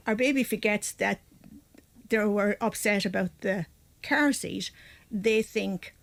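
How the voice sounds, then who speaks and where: A woman guests on a radio programme, explaining things in a chatty, meandering way. She restarts sentences often and leans on fillers as she talks, at an ordinary middle pitch for a woman. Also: fairly even intonation, takes it slowly, gravelly. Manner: chatty, many restarts and fillers like "like" and "you know". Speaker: baby sleep expert guest. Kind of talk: radio interview, explaining advice.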